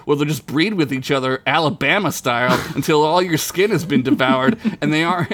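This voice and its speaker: A man's voice: a little high, fairly bright tone. A man hosting a podcast, reading his own comedic story aloud in a crude, rambling way and laughing at his own jokes.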